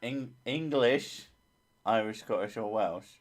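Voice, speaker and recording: A man's voice: on the low side, takes it slowly. A man hosting a gaming channel, chatting casually, joking, swearing freely and laughing often.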